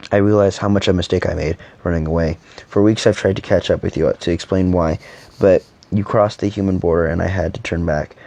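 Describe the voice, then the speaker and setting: Deep-voiced man reading a story. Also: gravelly, warm tone. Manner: halting delivery with frequent stumbles and restarts. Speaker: narrator voicing every character. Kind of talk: amateur reading of a fantasy story.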